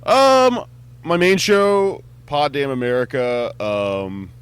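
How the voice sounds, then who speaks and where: A male comedian as an interview guest, talking in a relaxed, rambling way with lots of fillers and frequent laughs. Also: medium pitch, slow pace, clean tone. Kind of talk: casual interview chat. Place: music venue on tour.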